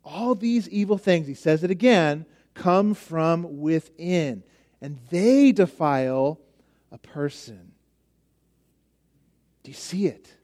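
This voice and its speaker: A man's voice: a little high, expressive, slow, long pauses, a little mellow. A man preaching a conversational sermon, emphatic at times and dropping almost to a whisper at others. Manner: conversational, emphatic, with frequent restarts and drops to near whisper.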